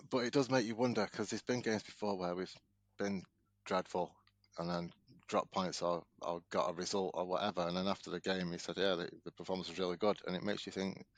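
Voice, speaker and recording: A man's voice: deep voice, no room sound. A man co-hosting a casual football podcast, musing aloud in long rambling questions. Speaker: podcast co-host. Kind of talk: casual chat.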